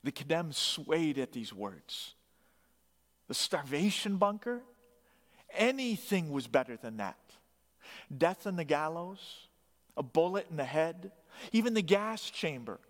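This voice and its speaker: Slow, dramatic male storyteller in a reverberant hall. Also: on the high side, big pitch swings. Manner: dramatic, emphatic, with rising bursts of emphasis.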